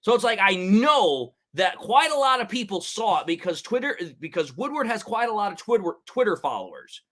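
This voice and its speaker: Male sports talk host, high voice, fired-up casual rant. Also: normal speed. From Detroit area. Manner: animated, heated, repeats "it's like, dude". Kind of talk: ranting sports commentary.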